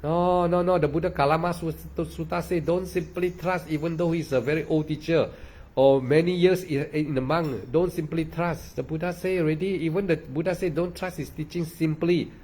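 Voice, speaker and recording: A man's voice: on the high side, steady tone, normal speed, darkish tone. A man giving a meditation dharma talk, repeating himself and peppering his speech with "ah" and "lah". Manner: repetitive, emphatic, with frequent "ah" and "lah". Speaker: meditation teacher.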